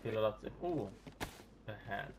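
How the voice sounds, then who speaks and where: A man's voice: lowish voice, lively intonation, normal speed, a little hiss or hum, rough recording. A man chatting casually while playing a game, joking and rambling in a self-mocking way over voice chat. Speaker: gamer streamer.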